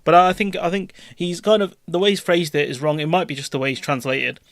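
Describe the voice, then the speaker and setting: A man's voice: on the high side, fairly even intonation, fairly quick, fairly bright tone, dry recording. A young man chatting casually on a live political stream, rambling with restarts and offhand swearing.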